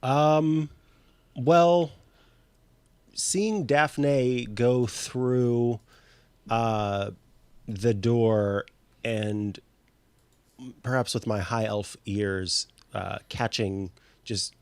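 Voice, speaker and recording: A man's voice: mid-range voice, steady tone, very slow, long pauses, darkish tone, clean tone, no echo. A man playing in a tabletop game, talking casually with wry jokes. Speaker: player.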